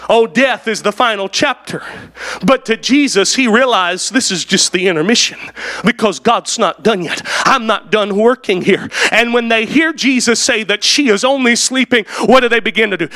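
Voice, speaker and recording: Impassioned high bright-voiced male preacher. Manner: impassioned, rising to shouts for emphasis; starts many phrases with "Oh". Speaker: pastor. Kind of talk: sermon.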